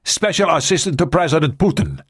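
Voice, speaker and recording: A man voicing a courteous male government aide who speaks formally, in a raised, husky voice. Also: fairly high pitch, very animated, a little fast, no room sound, studio quality, pitched above the performer's own voice, heavily acted. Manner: polite, formal hospitality.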